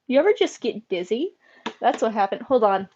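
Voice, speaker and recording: A woman's voice: a little high, lively intonation, normal speed, darkish tone, a little hiss or hum. A woman chatting casually on a live stream at home, playfully talking to her pets. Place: home room. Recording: dull lo-fi stream audio.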